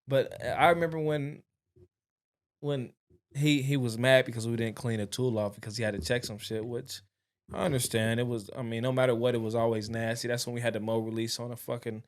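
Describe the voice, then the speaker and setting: A man's voice: mid-range voice, fairly even intonation, fairly quick. A young man, co-hosting a casual podcast, telling a slangy, profane story about an old supervisor with many restarts. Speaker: podcast co-host. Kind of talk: casual chat.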